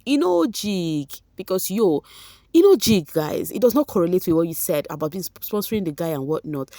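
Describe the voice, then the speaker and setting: A woman with a Nigerian accent, running an animated, chatty gossip commentary with a tired voice and bits of pidgin. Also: low-pitched, no echo. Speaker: vlogger. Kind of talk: reality show gossip commentary.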